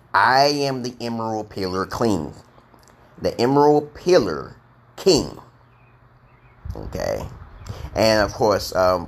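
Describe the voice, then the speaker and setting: A man teaching English on a live stream, reading out viewers' comments in a playful, boastful way. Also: fairly low pitch. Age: adult. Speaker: online English tutor.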